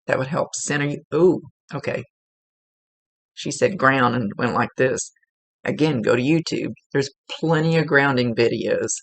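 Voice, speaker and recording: A woman with a creaky, somewhat bright bass voice works as a psychic medium, relaying messages in a spirit reading. Her delivery is earnest and chatty, with repeated words for emphasis, and there's no echo.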